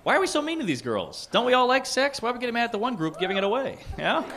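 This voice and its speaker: A man's voice: very high voice, big pitch swings, racing, a bit bright. A man doing stand-up in a comedy club, ranting with mock indignation. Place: comedy club stage with audience. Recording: live club audio with crowd noise.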